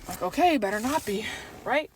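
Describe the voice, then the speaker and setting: A young woman telling a storytime story to camera in a lively, animated way, acting out family members' lines. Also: on the high side, normal speed, a little hiss or hum. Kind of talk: storytime vlog.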